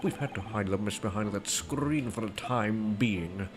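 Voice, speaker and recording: A man's voice: lowish voice, measured pace, close to an everyday voice. A man doing a pompous old British army man. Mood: boastful. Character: blustering older British retired army man. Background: game music.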